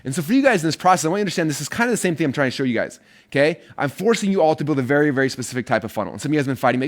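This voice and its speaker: A man teaching an online marketing course in a casual, energetic way, rambling a bit and using many fillers. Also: a little high, rapid-fire.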